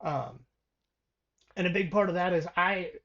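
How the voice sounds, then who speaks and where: A man's voice: high-pitched, a little slow, vocal fry, a bit bright, highs cut off. A man co-hosting a podcast, talking casually about sports and reading through records with ums and restarts. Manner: reads stats with many ums and restarts. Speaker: podcast co-host.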